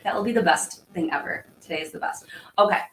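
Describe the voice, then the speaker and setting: Speaking fast in a somewhat low, slightly bright voice, a woman in her thirties rambles through viewer comments on her livestream in a casual way. The audio has room echo and a faint background hum.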